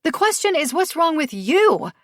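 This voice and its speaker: A woman's voice: sits high, very animated, normal speed, fairly bright tone, no echo, studio quality, pitched above the performer's own voice. A woman narrator voicing a frightened, desperate young wife in an audiobook thriller, urgent and insistent. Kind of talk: audiobook character voice.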